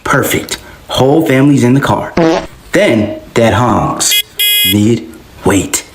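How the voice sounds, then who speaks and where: A young man narrating comedic point-of-view skits in an animated way, jumping between voices for each character. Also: medium pitch, slow, a little hiss or hum. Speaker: comedy sketch creator. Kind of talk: comedic POV skit narration. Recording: echoey room with music playing.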